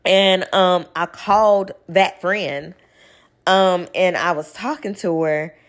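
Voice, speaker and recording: A woman's voice: lowish voice, fairly even intonation, slow pace. A young woman, chatting casually at home as she tells a personal story and quotes people's lines. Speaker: vlogger. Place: home living room.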